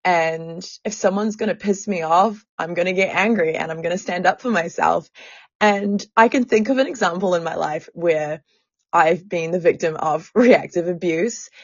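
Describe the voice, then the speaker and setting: Frank, animated woman podcast host. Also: on the low side, normal speed, dry recording, highs cut off. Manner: frank, animated, swears freely. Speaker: podcast host and sex worker activist. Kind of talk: candid podcast storytelling.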